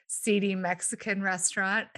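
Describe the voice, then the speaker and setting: A woman hosting a podcast, telling stories in an animated, enthusiastic way. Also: medium pitch, normal speed. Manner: enthusiastic, animated storyteller, laughs often. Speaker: podcast host. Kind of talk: casual interview conversation.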